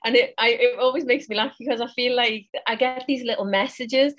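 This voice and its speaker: A woman guest, a psychic reader, chats on a podcast in a warm, effusive manner. Her voice sits a little high. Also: fairly even intonation, fairly quick. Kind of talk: casual interview chat.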